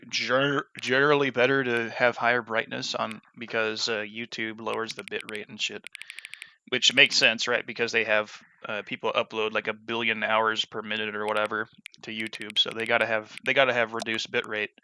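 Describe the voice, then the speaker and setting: Rambling bright-voiced male gamer. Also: on the low side, a little hiss or hum. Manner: rambling, many fillers and restarts. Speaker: let's play gamer. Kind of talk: casual gameplay commentary.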